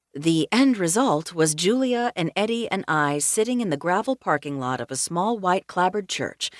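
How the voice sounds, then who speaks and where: A woman narrating a cozy mystery audiobook in first person, with a wry, deadpan humor. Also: fairly low pitch, no echo, clean studio sound.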